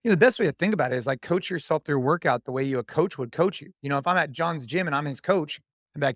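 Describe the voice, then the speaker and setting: A man in his thirties, a CrossFit athlete appearing as a podcast guest, talks fast in a slightly high voice. He's casual and energetic like a coach cheering someone on, saying "dude" and "man" a lot, and the audio is clean studio sound with no echo.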